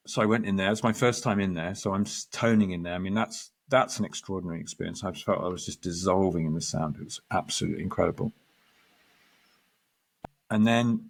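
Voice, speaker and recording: A man, a guest astrologer, telling a story in lively conversation, acting out quoted lines and restarting his sentences. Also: fairly low pitch. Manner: animated storyteller, quotes others, restarts often.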